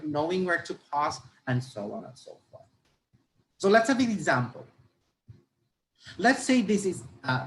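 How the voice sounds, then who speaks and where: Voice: mid-range voice, fairly bright tone, a little hiss or hum. A teacher from the Philippines with a Filipino accent, giving a live online lecture. The speaker switches between English and Tagalog and stresses key words. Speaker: teacher trainer.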